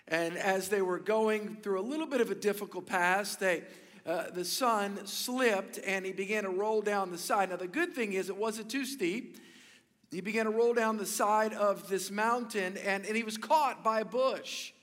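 Male pastor, bright energetic sermon voice, high pitch, storyteller, large reverberant hall. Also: moderate pace. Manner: storytelling, acting out shouted quotes.

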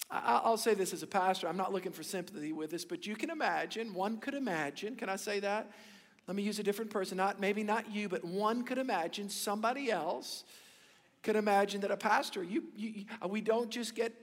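High-voiced man preaching in a reverberant hall. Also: fairly quick. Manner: passionate, swings between loud emphasis and hushed asides. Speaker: pastor. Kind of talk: sermon.

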